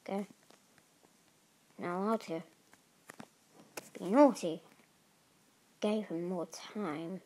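Slow-talking playful woman gamer. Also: medium pitch, poor audio. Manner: playful, excitable, talks to other players. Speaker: gaming video host. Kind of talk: casual gameplay commentary.

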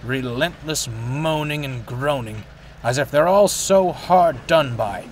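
A man's voice: mid-range voice, slow pace, a little hiss or hum, natural voice. A man voicing a big, friendly male diesel engine who talks kindly and cheerfully, with music playing behind him. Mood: cross. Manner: cheerful and kind, sometimes snapping.

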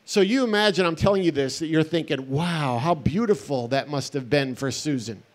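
Earnest preaching man, high voice. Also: normal speed. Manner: earnest, conversational storytelling with wry asides. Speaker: pastor. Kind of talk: festival talk, sermon-like.

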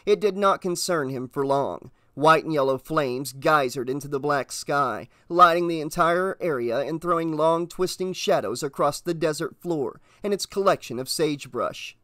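A man narrating an audiobook in a steady, measured reading voice. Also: a little high, no room sound, studio quality.

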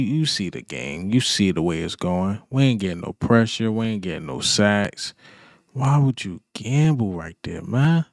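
A man's voice: mid-range voice, no room sound, clean studio sound. A man vlogging a frustrated, emphatic sports reaction rant, repeating his points in casual slang.

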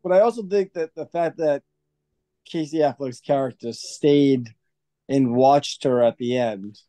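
A man co-hosting a movie podcast, giving his take excitedly and stumbling over his words. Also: mid-range voice, unhurried, no room sound. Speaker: podcast co-host. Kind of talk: casual movie chat.

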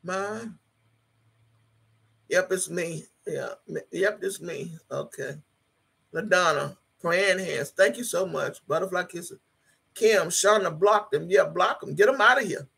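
Gravelly, husky woman streamer. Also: lowish voice, unhurried, fairly bright tone. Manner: blunt and emphatic, swears freely, switches into prayer. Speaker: YouTube live streamer. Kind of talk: casual livestream, reading chat comments aloud.

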